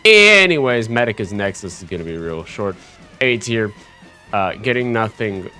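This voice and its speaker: Casting: man, low voice, brash sweary gaming commentator with offhand asides. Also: very animated, moderate pace, pushed and bright, soft background music. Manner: brash and profane, with joking asides and self-corrections. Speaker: gaming YouTuber. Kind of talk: casual tier-list commentary read from a script.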